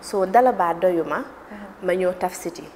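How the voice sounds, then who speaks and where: Gambian woman on a talk show, code-switching wolof and english, lively storyteller, long reverb, bit of room hiss. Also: fairly low pitch, normal speed. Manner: mixes Wolof, English and French, animated storytelling. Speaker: guest, TV presenter. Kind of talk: interview conversation.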